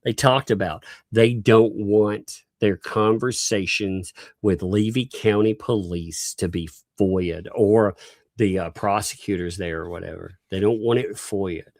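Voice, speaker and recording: A man's voice: lowish voice, fairly even intonation, unhurried, a little mellow, no echo, studio quality. A man with a Southern US accent hosting a casual livestream, laughing often and reading viewer messages aloud. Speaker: livestream host.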